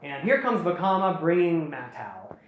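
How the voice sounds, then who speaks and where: A woman's voice: low voice, sing-song, normal speed, dull audio. Chatty woman host, jokey retelling, heavy room echo. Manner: rambling, jokey, lots of fillers and restarts. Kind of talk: casual retelling of a story. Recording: very echoey room.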